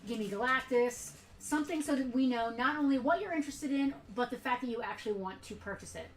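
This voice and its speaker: A woman hosts a live sale stream, chatting casually and rambling with lots of fillers. Her voice is a bit high. She sounds distant from the mic in an echoey room. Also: fast. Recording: roomy, from off the mic.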